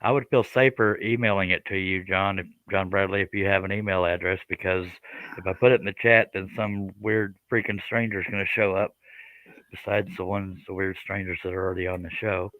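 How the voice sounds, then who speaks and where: Low-voiced man hosting a casual stream. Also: steady tone, brisk, no echo, phone-quality sound. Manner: rambling, joking, talks to chat and guests. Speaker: live stream host. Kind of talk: casual live-stream chat while working.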